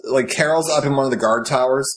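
A man's voice: medium pitch, quick pace, slight background noise, poor audio. A man chatting on a casual podcast, recapping a TV episode. He rambles with frequent restarts and jumps his voice up to play out quoted lines. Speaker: podcast co-host.

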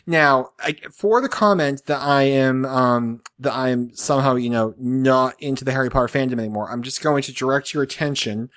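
A man hosting a casual online chat show, telling lively anecdotes and sometimes putting on voices. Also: mid-range voice, moderate pace, few pauses. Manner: animated storyteller, puts on voices in anecdotes. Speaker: podcast host.

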